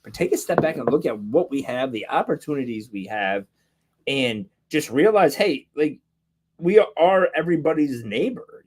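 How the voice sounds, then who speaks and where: This man's mid-range voice is a little mellow and slightly rough. Co-hosting a podcast, he rambles heatedly in casual chat, full of filler words and swearing.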